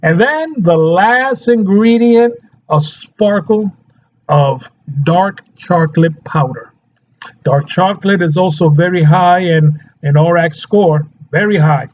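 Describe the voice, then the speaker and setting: Man with a fairly high voice, a chatty nutrition coach who laughs a lot, on dull lo-fi audio. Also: takes it slowly, darkish tone, a little hiss or hum. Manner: chatty, laughs often, keeps checking in with "okay?". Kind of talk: casual health talk to camera.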